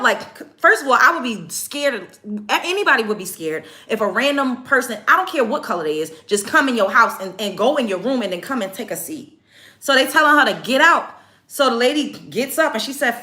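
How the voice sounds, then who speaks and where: A woman's voice: fairly high pitch, expressive, a little fast, sharp tone. A woman hosting a livestream, retelling events to her chat in a heated, profane, emphatic rant. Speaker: livestream host.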